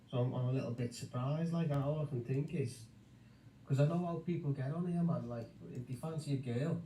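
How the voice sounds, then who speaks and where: A man's voice: mid-range voice, warm tone, reverberant, a little hiss or hum, poor audio. A man with a Scouse accent in a heated casual voice chat, mocking and sweary, tagging lines with "lad" and "mate". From Liverpool, England. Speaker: voice chat participant.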